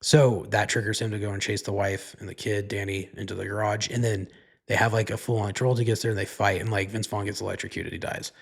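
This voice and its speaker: Gravelly-voiced man rambling through a movie plot. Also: fairly low pitch, flat delivery, fast talker. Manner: rambling, loose and profane, lots of "like". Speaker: podcast host. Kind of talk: casual movie recap.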